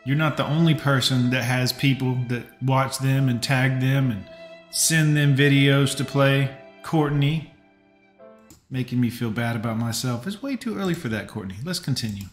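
A man talking casually on a live stream, greeting viewers by name and offering blunt, offhand advice. His voice sits at an ordinary middle pitch, and the room around him rings with a noticeable echo. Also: normal speed, soft background music. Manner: chatty, banters with chat viewers, blunt advice. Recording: roomy echo.

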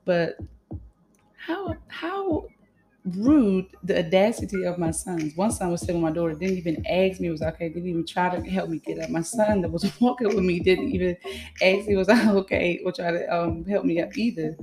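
A woman's voice: lowish voice, fairly even intonation, a little fast, crowd noise. A woman hosting a podcast, venting in a frank, exasperated solo monologue with loose, run-on storytelling and free swearing. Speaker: podcast host.

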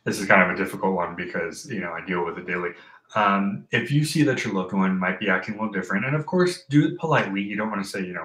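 A man's voice: on the low side, animated, fairly bright tone. Earnest man talking in an echoey room. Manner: earnest, halting, many fillers and restarts; reads from a list aloud. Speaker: host talking about mental health. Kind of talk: casual personal talk.

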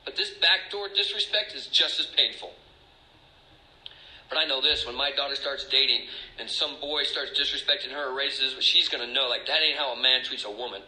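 A man's voice: mid-range voice, moderate pace, pushed and bright, reverberant, rough recording. A middle-aged man speaking as a recovery speaker, emotional and confessional, rambling with restarts. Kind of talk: personal testimony talk.

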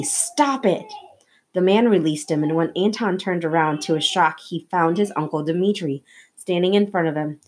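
A woman reading a novel aloud chapter by chapter, in steady, measured narration. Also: on the low side. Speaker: audiobook reader.

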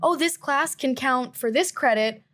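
A woman in her twenties co-hosting a podcast, chatting casually and acting out quotes with a lifted, animated voice. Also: high-pitched, a little slow, soft background music. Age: 20s. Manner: animated, acts out quotes with a raised voice. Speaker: podcast co-host. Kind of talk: casual chat.

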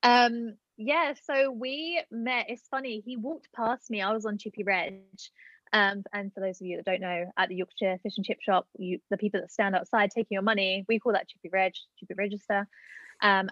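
A woman's voice: mid-range voice, fairly even intonation, moderate pace, fairly bright tone, no room sound. A young woman from Britain, a podcast guest telling a story in casual chat, full of "like" and "um". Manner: chatty, filler-heavy with many "like" and "um". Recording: dull lo-fi dry sound.

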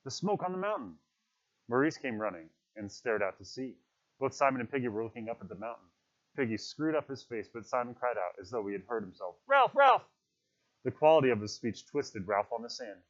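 A man reading a novel aloud in steady, measured scripted narration. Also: mid-range voice. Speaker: audiobook narrator. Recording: dull lo-fi recording.

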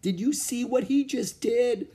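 A man voicing a cautious, bookish young boy in a storybook reading, earnest and excitable. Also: high-pitched, very slow, gravelly, voice pushed up, heavily acted.

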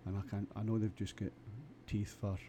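A man's voice: on the low side, little pitch movement, fairly quick, dark tone, slight background noise. Crude Scottish man with a rambling monologue. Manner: crude, with frequent stammered restarts. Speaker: vlogger.

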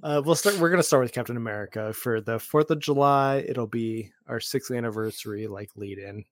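A man hosting a casual podcast chat, animated and laughing, with the hiccups. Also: fairly quick, a little hiss or hum. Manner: animated, laughing, mimics characters in high voices. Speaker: podcast host.

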